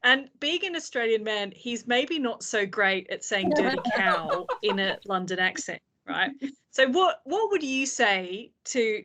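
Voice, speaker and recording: A woman hosts a podcast from a video call, talking in a chatty way and laughing often. Her voice sits at an ordinary middle pitch. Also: pushed and bright. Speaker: podcast host. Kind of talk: casual podcast chat.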